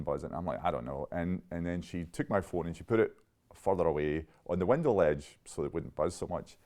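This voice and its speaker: Guy, real low voice, chatty and laughy, keeps restarting sentences in an interview. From Scotland. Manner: animated, laughing often, restarts mid-sentence. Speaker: interviewee, chemist. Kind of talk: conversational interview storytelling.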